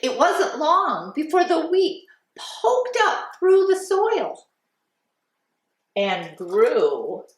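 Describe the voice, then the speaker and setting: A woman hosting a children's story time, singing songs and reading a storybook aloud in an animated, sing-song way with animal sounds. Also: high-pitched, very slow. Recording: roomy sound from a distant mic.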